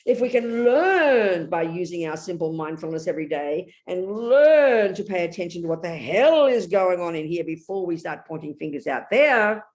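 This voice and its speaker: An older woman with an English accent giving a blunt, animated Buddhist talk, telling stories and breaking into sudden loud bursts. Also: on the low side, moderate pace, few pauses. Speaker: Buddhist nun teacher. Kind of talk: Dharma talk.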